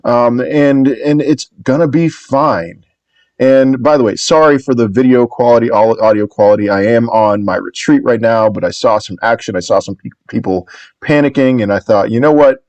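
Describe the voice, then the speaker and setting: A man's voice: mid-range voice, normal speed, darkish tone, dry recording. A man giving casual video commentary on markets, rambling and upbeat, often restarting and correcting himself. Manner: upbeat and reassuring.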